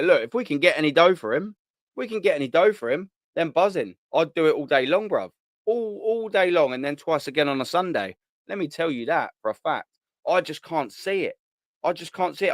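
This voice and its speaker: A man's voice: fairly high pitch, a bit bright, dry recording. A man hosting a live fan stream, chatting bluntly in slang, swearing and repeating himself as he reads out viewer comments. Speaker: host of a live fan show. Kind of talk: casual live-stream chat reading comments.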